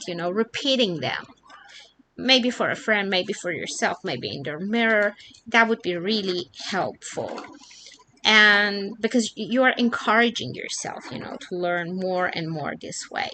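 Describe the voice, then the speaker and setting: Chatty woman teacher, bright slow voice. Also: mid-range voice, slight background noise. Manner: chatty, repeats herself, many fillers. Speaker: English teacher. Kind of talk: casual teaching monologue.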